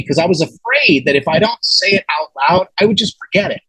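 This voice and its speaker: Excitable man with a husky voice. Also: on the high side, fast, no room sound, rough recording. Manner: animated, excitable, swears, many restarts. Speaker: guest. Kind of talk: storytelling in a casual interview.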